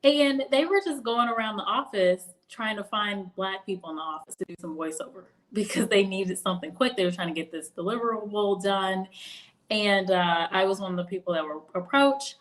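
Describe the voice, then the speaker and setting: A woman's voice: medium pitch, a little fast. A young woman hosting a casual livestream, chatting about careers with frequent laughs and storytelling asides. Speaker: career video host.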